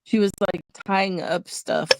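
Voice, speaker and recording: A woman host in a casual chat, telling a personal story in an animated way and acting out the voices she quotes. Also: medium pitch, unhurried, vocal fry.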